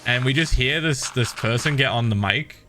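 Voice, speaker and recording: A man chatting casually on a game stream, an animated storyteller who laughs often. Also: mid-range voice, moderate pace, soft background music. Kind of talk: casual stream chat while gaming.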